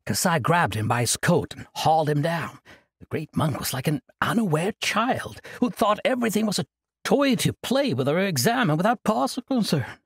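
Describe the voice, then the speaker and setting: Husky man narrating a fantasy audiobook. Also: on the high side, normal speed, dry recording. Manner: expressive storytelling.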